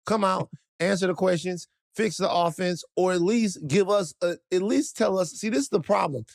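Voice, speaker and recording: Southern male co-host, gravelly, higher voice, animated rant, dry close mic. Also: normal speed, dry recording. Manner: animated, fired-up ranting. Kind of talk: casual sports podcast chat.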